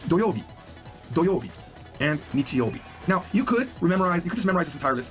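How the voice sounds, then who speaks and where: Fast, lively male language teacher. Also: on the high side, soft background music. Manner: upbeat, chatty, repeats words for drill. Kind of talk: recorded beginner lesson.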